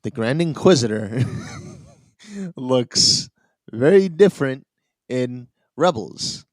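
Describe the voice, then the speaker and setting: A man's voice: medium pitch, expressive, takes it slowly, dry recording, low-quality recording. A man co-hosting a podcast, chatting casually and rambling, often laughing at his own points. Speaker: podcast co-host. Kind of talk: casual chat.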